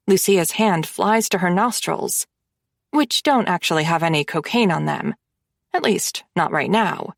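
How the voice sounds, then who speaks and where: Slow, expressive woman narrating an audiobook. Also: fairly low pitch, creaky, no echo, studio quality. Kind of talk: first-person romance audiobook narration.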